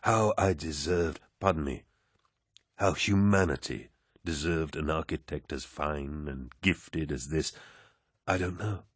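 A man's voice: unhurried, husky, no room sound, studio quality, heavily acted. A man voicing a towering, jovial demigod warlord in an audiobook, genial and commanding as he addresses his troops. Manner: genial, booming, warmly commanding. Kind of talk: audiobook character voice.

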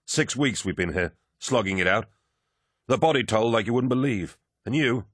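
A man's voice: medium pitch, animated, moderate pace, a bit bright, slightly rough, no echo, clean studio sound, pitched above the performer's own voice. A man voicing a nervous, worn-out army officer who speaks through a mask with ragged, pained breathing. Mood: sour. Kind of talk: audiobook character voice.

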